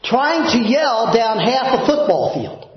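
A male pastor preaching a sermon in a church, emphatic, dropping low and soft for prayers. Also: big pitch swings, slow. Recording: very echoey, dull church recording.

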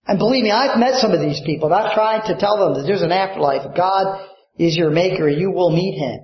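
Man preaching, fiery sermon, high voice, echoey church room, kinda dull sound. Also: brisk. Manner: impassioned preaching with sudden loud rises. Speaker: pastor.

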